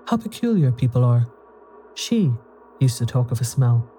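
A man's voice: mid-range voice, very animated, normal speed, mellow, a little hiss or hum, close to an everyday voice. A man voicing a lonely, cunning old woman ghost with a quavering, whistling voice and a wistful, wheedling way of talking. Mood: wailing.

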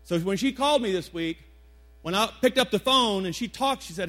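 A pastor in his forties preaches in a church, his high voice loose and conversational. He repeats key phrases for emphasis and keeps asking the congregation questions. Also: expressive, brisk, a bit bright. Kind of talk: sermon. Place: church sanctuary before a congregation.

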